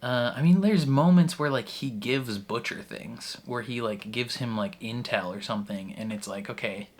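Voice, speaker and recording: A young man in his late twenties talks over an episode he just watched, in a rambling, loose way full of fillers and restarts. He comes across as emotional and close to tears. His voice sits at an ordinary middle pitch for a man. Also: normal speed. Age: 20s. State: emotional, tearing up. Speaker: reaction channel host. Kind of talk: casual reaction commentary.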